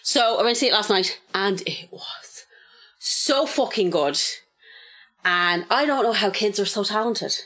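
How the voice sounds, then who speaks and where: A woman's voice: medium pitch, animated, a little slow, a bit bright. A young adult woman, co-hosting a casual podcast chat, telling stories animatedly and swearing freely. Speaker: podcast co-host.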